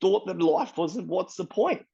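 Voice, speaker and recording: A man's voice: high voice, animated, unhurried, vocal fry, mellow, husky, dull audio. An Australian man telling his story bluntly and candidly, swearing often and filling in with "bro" and "you know what I mean". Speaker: interviewee.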